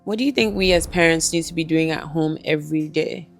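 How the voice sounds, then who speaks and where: A woman's voice: low-pitched, brisk, faint music behind. Chatty woman podcast host. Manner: lively, chatty, tells stories with laughter. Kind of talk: casual podcast chat.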